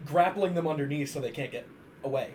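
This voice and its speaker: A man's voice: fairly high pitch, fast talker, a little mellow, a little hiss or hum. A man playing in a tabletop game, chatting casually about strategy. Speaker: player.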